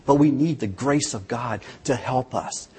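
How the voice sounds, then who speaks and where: Very husky-voiced male preacher. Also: mid-range voice, unhurried, a little mellow. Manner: earnest, dramatic storytelling with shifting emphasis. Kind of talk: sermon.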